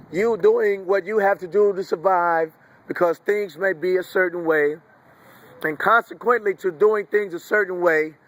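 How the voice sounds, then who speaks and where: High-voiced man in a rambling rant. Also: no echo. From United States. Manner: preachy, wandering, profane. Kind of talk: rambling monologue.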